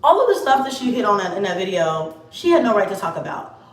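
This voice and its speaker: A woman's voice: medium pitch, big pitch swings, fast talker, distant mic. A woman vlogger ranting to camera, blunt, profane and confrontational. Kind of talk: casual rant to camera. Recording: echoey room, set back from the mic.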